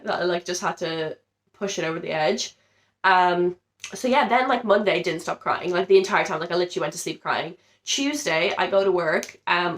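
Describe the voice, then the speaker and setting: A woman's voice: lowish voice, a bit bright. A young woman in her twenties, sounding ill and under the weather, talking casually and emotionally to camera in a rambling vlog with many fillers. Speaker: vlogger. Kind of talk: casual confessional chat to camera.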